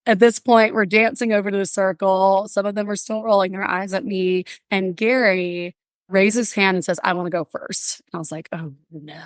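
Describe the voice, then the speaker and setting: A woman guest on a podcast, bubbly and animated, telling stories and acting out little voices in casual interview chat. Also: mid-range voice, moderate pace, clear, resonant tone, dry recording, clean studio sound. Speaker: podcast guest, workplace wellbeing speaker.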